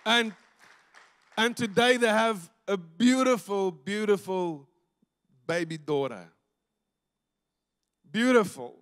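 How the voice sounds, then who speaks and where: A South African pastor preaches in a fairly high voice, telling stories and swinging from loud bursts down to near-hushed moments. The sound carries the long reverb of a church hall. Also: male voice, slow, long pauses, some chatter behind. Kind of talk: sermon. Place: church sanctuary.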